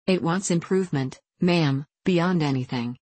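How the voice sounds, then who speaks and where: A woman reading an audiobook voices an earnest, dull young gentleman who repeats himself. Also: sits low, unhurried, breathy edge, no echo. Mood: eager. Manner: earnest and repetitive. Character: dull, eager young gentleman, easily impressed.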